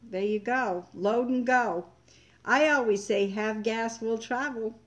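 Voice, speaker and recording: An older woman from Maine hosting a casual live-stream chat, reading viewers' comments aloud in a chatty way. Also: fairly high pitch. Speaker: homestead channel host.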